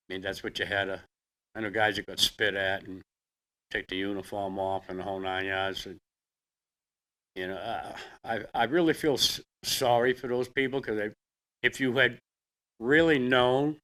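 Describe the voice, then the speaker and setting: An older man with a Boston accent, a veteran telling his own story in a plainspoken, halting way. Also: mid-range voice, pushed and bright, clear, resonant tone. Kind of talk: personal storytelling.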